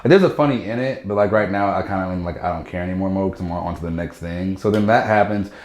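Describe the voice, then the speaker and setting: A man, a stand-up comedian, telling a story in casual chat, animated and acting out what people said. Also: low voice, fast talker, roomy sound. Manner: animated, acts out quotes in shifting voices.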